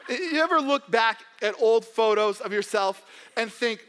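High, bright-voiced young pastor in a reverberant hall. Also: male voice, a little slow, a little hiss or hum. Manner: humorous, animated, mock voices for the doubters. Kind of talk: sermon. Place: church hall.

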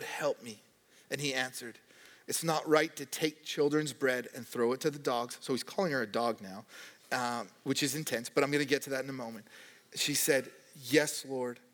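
A young man preaches with a fairly high voice and a loose, joking manner, slipping into quoted voices now and then. His words ring out with a long reverb from a large hall. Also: fairly bright tone. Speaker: pastor. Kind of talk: sermon.

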